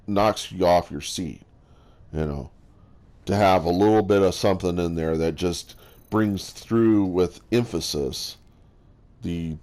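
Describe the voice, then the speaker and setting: A man talking in a rambling casual monologue, halting often with fillers and restarts as he works through his thoughts. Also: sits low, darkish tone. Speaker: solo talker sharing his views.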